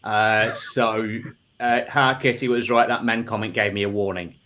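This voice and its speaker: A man's voice: lowish voice, fairly even intonation, normal speed, bright, forceful tone, slight background noise. A man hosting a comedy panel show, rambling and self-deprecating with lots of ums.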